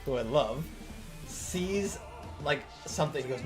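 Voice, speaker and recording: A man's voice: medium pitch, lively intonation, unhurried, faint music behind. A young man casually telling a long story on stream, rambling and swearing a lot, acting out the lines of the people in it.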